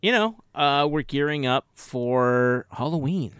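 A podcast host speaks slowly in a medium-pitched, fairly bright, clean voice with lively intonation. He chats casually, rambling through stories and correcting himself with many restarts. The recording is dry, with clean studio sound.

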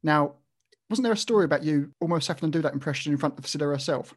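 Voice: mid-range voice, racing, husky. A podcast host asking a guest questions in a casual, eager way. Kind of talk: casual interview.

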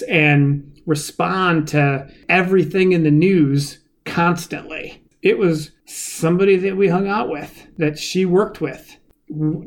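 A woman co-hosting a podcast in casual chat, sardonic and wry, rushing some phrases and drawing out others. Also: on the low side. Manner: sardonic, wry, jumps between fast bursts and drawn-out phrases. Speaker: podcast co-host.

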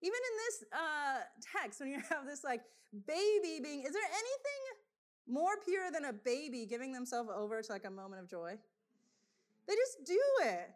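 A woman preaches with a high, light voice, chatty and loose, full of fillers and bursts of laughter. She tells stories to her congregation with animated energy. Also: normal speed. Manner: animated storytelling, laughs often, conversational with fillers. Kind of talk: sermon.

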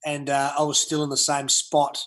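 A man's voice: fairly high pitch, monotone, moderate pace, fairly bright tone. A laid-back Australian man in his forties, a podcast guest telling a story with many ums and uhs. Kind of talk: casual podcast chat.

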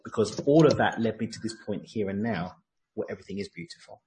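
A man's voice: fairly low pitch, lively intonation, quick pace, dark tone, a little hiss or hum, low-quality recording. A man in casual conversation, talking earnestly about a personal insight and acting out his own inner thoughts. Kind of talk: reflective casual chat.

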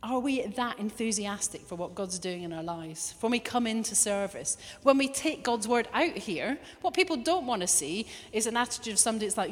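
A woman preaching a lively sermon, now and then acting out little quoted voices. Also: medium pitch, a little fast, hardly any pauses. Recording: long hall reverb.

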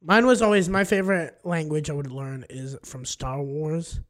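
A man's voice: on the high side, steady tone, normal speed. A man co-hosting a comedy podcast, chatting casually and joking around. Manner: joking, rambling, playful. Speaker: podcast co-host.

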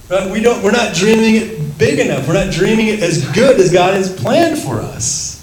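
A man leading a Bible study, teaching in a lively way, laughing often and acting out the voices he quotes. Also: high voice, normal speed, hardly any pauses, roomy sound, poor audio.

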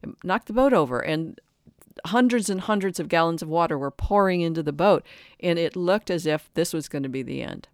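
A speaker in their sixties gives a reflective spiritual talk in a smooth, clear voice of middling pitch. They sound earnest and halting and often stop to restart a thought. The sound is dry and close. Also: animated, no room sound. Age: 60s. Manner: earnest, halting, frequent restarts and self-corrections.

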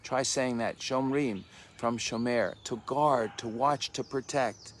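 A man giving a devotional teaching in a conversational way, often restarting phrases and slowing down to read verses aloud. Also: mid-range voice, a little hiss or hum. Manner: conversational, many restarts, slows to read scripture. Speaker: messianic teacher.

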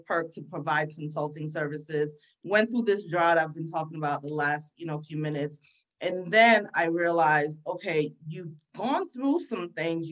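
A woman's voice: on the low side, a bit bright, low-quality recording. A woman guesting on an interview podcast, speaking in a reflective, encouraging way about her work. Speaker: guest entrepreneur.

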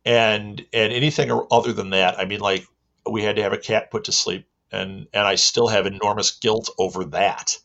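Midwestern man, low gravelly voice, reflective interviewee. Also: fairly bright tone. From American Midwest. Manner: halting, reflective. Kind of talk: personal story in an interview. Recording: dull lo-fi recording.

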